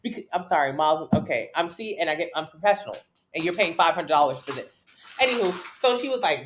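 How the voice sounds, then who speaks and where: This livestream host from Miami, Florida speaks fast in a deep voice with lively intonation, and a little hiss or hum runs underneath. Lounging on her couch, she replies to viewer comments casually, bluntly, and with plenty of profanity.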